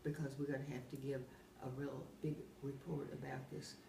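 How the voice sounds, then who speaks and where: An older woman, telling rambling anecdotes in a casual, animated way and often laughing as she talks. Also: very deep voice, moderate pace, gravelly. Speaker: oral history interviewee. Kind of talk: casual storytelling. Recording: roomy, distant mic, faint background hum.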